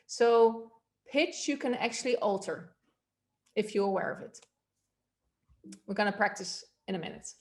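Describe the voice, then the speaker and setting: A woman voice coach teaching a workshop, explaining in a relaxed way with filler words. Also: on the high side, moderate pace.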